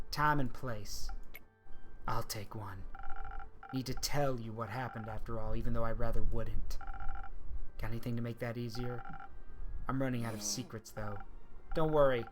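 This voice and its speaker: A man streaming a cozy visual novel, reading the characters' lines aloud in a subdued, quiet way. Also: medium pitch. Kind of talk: reading game dialogue aloud.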